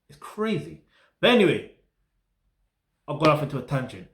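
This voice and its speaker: A man's voice: medium pitch, lively intonation, normal speed, long pauses, a bit bright, roomy sound. A man with a South London accent, rambling casually to camera as he reviews music, dropping slang tags like "get me" and "yeah". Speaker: music reaction host. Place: flat in a residential block.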